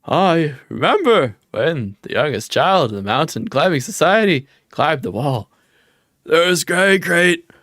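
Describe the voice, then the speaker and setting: A man's voice: a little high, fairly bright tone, no echo, studio quality, voice pushed up, full character voice. A man doing a boastful blustering politician impression. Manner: exaggerated bragging, self-mocking.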